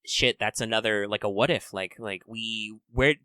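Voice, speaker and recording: Bright-voiced animated man chatting. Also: on the low side, normal speed, dry recording. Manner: animated, acts out characters' lines while recapping. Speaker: podcast co-host. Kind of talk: casual podcast chat.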